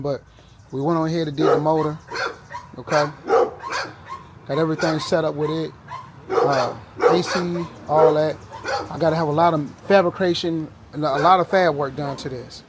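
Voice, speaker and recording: A man's voice: fairly high pitch, steady tone, moderate pace, long pauses, very noisy. A man talking in a laid-back, rambling way for his car vlog, outdoors with dogs barking behind him. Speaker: car vlogger. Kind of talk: casual vlog talk.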